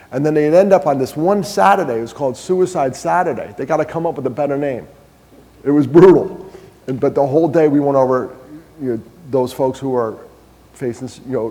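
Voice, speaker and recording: A man's voice: medium pitch, mellow. A man giving a conversational storytelling talk to an audience, full of self-deprecating humor. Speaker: guest speaker. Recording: long hall reverb.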